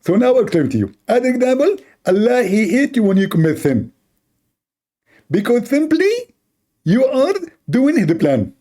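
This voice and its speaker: Guy doing a high whiny know-it-all preacher, condescending, swings all over the place, bit gravelly. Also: sing-song, normal speed, mellow, exaggerated voice. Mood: lecturing. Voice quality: condescending, lecturing. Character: pompous shrill male Muslim preacher, insulting. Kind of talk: mocking impression in a live debate.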